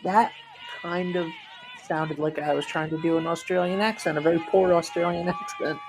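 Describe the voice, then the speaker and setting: Chatty high-voiced male sports announcer. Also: huge pitch swings, moderate pace, background noise. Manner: chatty, jokey, bursts loud on big plays. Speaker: play-by-play announcer. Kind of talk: live sports commentary with sponsor reads.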